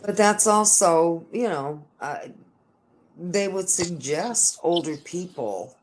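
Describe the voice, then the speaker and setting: A woman with a very low voice speaks gently and hesitantly, offering reassurance in casual chat. A clear hiss runs under the recording. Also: animated, slow pace.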